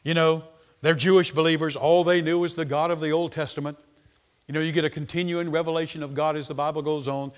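Male preacher, middle-aged, fairly high voice, emphatic sermon delivery, big swings in volume. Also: little pitch movement, fast talker, clear, resonant tone. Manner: emphatic, repeats words, rises and falls sharply in loudness.

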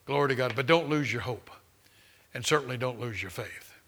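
A man preaching a sermon as pastor, swinging from loud exhortation to quiet, close talk, with frequent amens and hallelujahs. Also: mid-range voice, fairly quick.

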